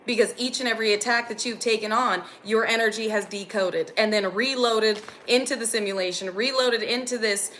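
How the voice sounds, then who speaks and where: Young woman doing an intense spiritual reading, bright voice, a bit higher, faint noise behind. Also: steady tone, brisk, hardly any pauses. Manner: earnest, intense, gets emotional. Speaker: spiritual reader.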